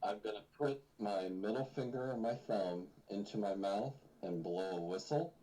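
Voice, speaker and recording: A man's voice: lowish voice, moderate pace, mellow, poor audio. A man playing a tabletop game, declaring his character's actions in an easygoing, matter-of-fact way. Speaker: player. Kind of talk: casual tabletop game chat.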